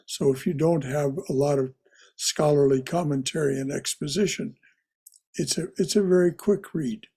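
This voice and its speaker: A man leading a religious study class, gentle and often repeating words as he explains. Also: a little high, moderate pace, breathy edge. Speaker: class teacher.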